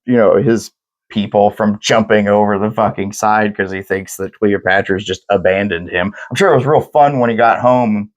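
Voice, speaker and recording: A man's voice: lowish voice, normal speed. A man casually retelling history on a podcast, cursing often and acting out quoted lines, a little drunk. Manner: profane, animated storytelling with quoted voices. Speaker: podcast co-host.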